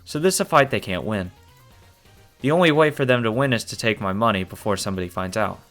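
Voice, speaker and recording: A man's voice: fairly low pitch, animated, fast, a bit bright, faint music behind. A man reading a visual novel aloud in the first person, with casual asides full of swearing. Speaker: game reader.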